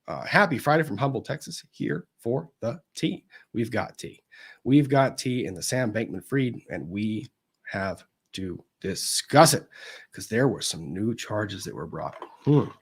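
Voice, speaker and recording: A man hosting a casual live stream, reading viewers' greetings aloud in a chatty way, his pitch swinging up and down as he goes. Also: a little mellow, slightly rough. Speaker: livestream host of a legal commentary show.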